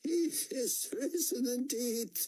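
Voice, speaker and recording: A man's voice: very high voice, takes it slowly, darkish tone, voice pushed up, heavily acted. A male audiobook narrator voicing a terrified, desperate middle-aged woman who speaks in tearful, strained cries.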